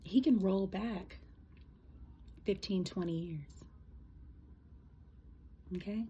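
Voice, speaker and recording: A woman giving a casual spiritual reading, rambling and emotional, with many halting fillers. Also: medium pitch, mellow, lo-fi sound, a little hiss or hum. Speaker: spiritual reader.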